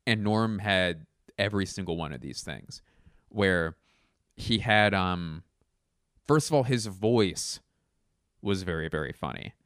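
Rambling man with a low, dry voice. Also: unhurried, pauses often, no echo. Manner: rambling, animated, many fillers and restarts. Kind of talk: casual chat.

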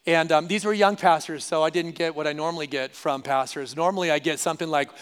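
A male pastor delivers a sermon in a high, smooth voice. He talks in a relaxed, conversational way and repeats key lines for emphasis. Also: fast. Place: church service.

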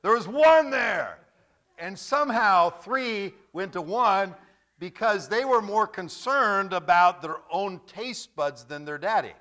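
A man preaches a sermon with a high, bright voice, repeating key phrases for emphasis. He talks lively, in a joking, storytelling way as a pastor to his congregation. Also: unhurried.

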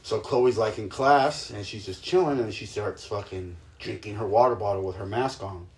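A young man, a stepdad, telling stories in casual chat, animated and swearing, often laughing. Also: on the low side, moderate pace.

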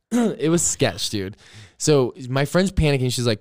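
A man's voice: mid-range voice, normal speed, no room sound, clean studio sound. A young man hosting a podcast, telling a rambling prank story in casual chat, full of "like" and the odd curse word. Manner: rambling, animated storyteller with many "like"s and profanity. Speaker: podcast host.

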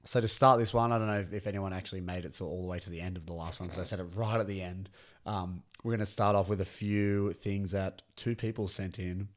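A young man chats on a casual podcast, his voice sitting a little low. He reads listener stories aloud and breaks into laughter often. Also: fairly even intonation, fast. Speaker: podcast co-host.

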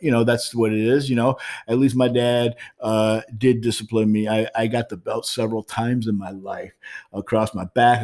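A man's voice: on the low side, a little mellow. A man hosting a podcast from his home, talking in a frank, rambling way with many fillers and restarts. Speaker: podcast host. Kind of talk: casual monologue.

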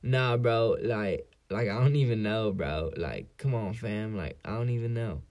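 Put-on teen bro done by a young man: low, mellow voice, dragging fake-tough slang. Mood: mocking. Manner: exaggerated street slang, drawn-out.

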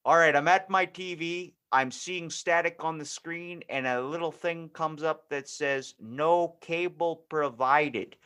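A man's voice: a little high, unhurried, few pauses, bright, forceful tone, smooth. A man voicing a senile, tech-clueless old dad in an improvised comedy scene, bumbling and folksy.

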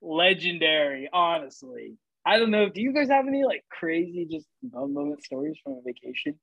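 A young man with a fairly high voice tells funny vacation stories in an animated, profane way, laughing at his own jokes. The sound is dry and close, with no room around it. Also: moderate pace, gravelly, breathy edge, dry recording, muffled recording. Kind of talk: casual storytelling chat.

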